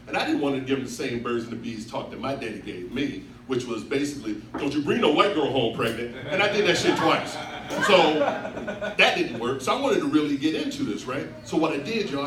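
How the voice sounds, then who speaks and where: A man in his thirties telling a laid-back stand-up story on a club stage into a handheld mic. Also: medium pitch. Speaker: stand-up comedian. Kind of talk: stand-up set. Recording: echoey club from far off. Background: room noise and audience.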